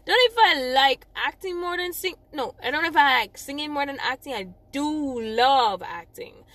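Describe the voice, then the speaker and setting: A young woman from Jamaica with a Jamaican accent, telling a personal story in a rambling, animated way, often correcting herself and laughing at herself. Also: high voice, moderate pace, no echo.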